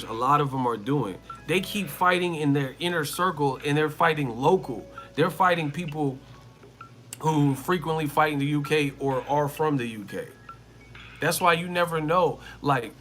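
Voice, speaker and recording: Hosting a live boxing commentary stream, a man speaks in a slightly high, somewhat bright voice. He keeps things casual and slangy, stresses his points hard, and repeats them over and over.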